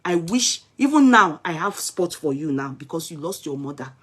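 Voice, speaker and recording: A woman's voice: low voice, very animated, moderate pace, breathy edge. Chatty Nigerian woman vlogger. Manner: chatty and emphatic, switches between English, Yoruba and Pidgin. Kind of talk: casual celebrity commentary.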